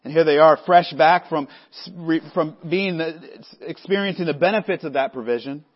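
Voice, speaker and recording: A man preaching a sermon as pastor, measured and earnest, sometimes stumbling and restarting his words. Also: fairly high pitch, muffled recording. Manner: measured preaching with frequent restarts, voicing the disciples conversationally.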